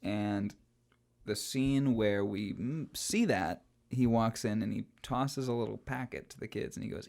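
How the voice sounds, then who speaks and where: A man's voice: fairly low pitch, measured pace, creaky, a little mellow. Chatty male podcast co-host. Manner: chatty, hesitant with fillers, breaks into playful voices. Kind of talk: casual chat about films.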